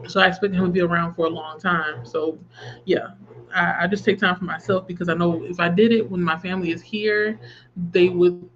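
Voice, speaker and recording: A woman's voice: lowish voice, a bit bright, slight background noise. Woman in her 30s hosting a livestream, candid and heartfelt, audio a bit dull and lo-fi. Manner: candid, talking through grief and reading viewer comments aloud. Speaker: livestream host. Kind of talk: casual livestream chat.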